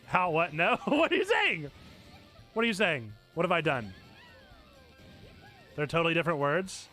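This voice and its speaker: A man hosting a live game stream, chatting casually and yelling excitedly at what happens on screen. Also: on the high side, moderate pace, soft background music. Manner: excitable, yelps and shouts at the game. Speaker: streamer host.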